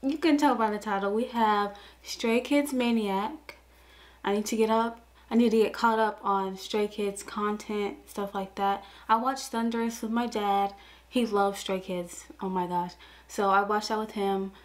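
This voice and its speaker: A young woman hosting a casual reaction video, gushing with excited exclamations. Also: mid-range voice, a little slow.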